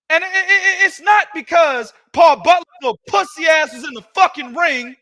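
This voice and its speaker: Guy ranting about boxing, super high voice, bright and cutting, swears a lot. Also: animated, unhurried. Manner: profane, loud ranting. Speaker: boxing podcast host. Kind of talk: heated casual boxing commentary.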